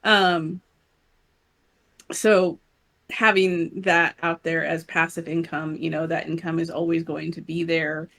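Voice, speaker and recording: Chatty and easily amused, this woman co-hosts a podcast in a casual conversation, hesitating with frequent ums. Her voice sits low, is a bit bright, and moves little in pitch.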